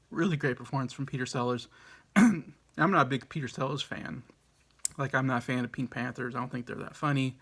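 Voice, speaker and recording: A man's voice: medium pitch, creaky, fairly bright tone. A man in his thirties hosting a casual movie review, rambling with lots of ums, uhs and restarts. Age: 30s. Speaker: movie review channel host.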